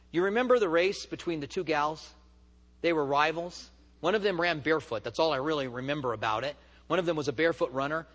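This man's voice sits a little high with a fairly bright tone, heard in a large hall. Delivering a sermon at a church study, he tells stories and grows emphatic, his preaching climbing as he gets worked up.

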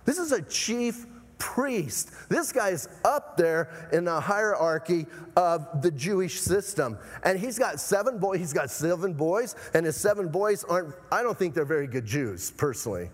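A man with a somewhat high voice preaches an emphatic sermon, breaking in again and again to tell the room to listen. His words ring out with a long reverb, as in a large church hall. He is a pastor from Arizona. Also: expressive, normal speed, few pauses. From Arizona, USA. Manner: emphatic, repeatedly urging "listen".

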